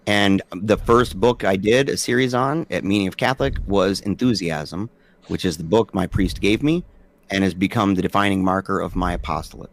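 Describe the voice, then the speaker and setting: A man in his forties, a podcast guest telling stories casually and acting out quoted dialogue with animation. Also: on the low side. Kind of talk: casual storytelling conversation.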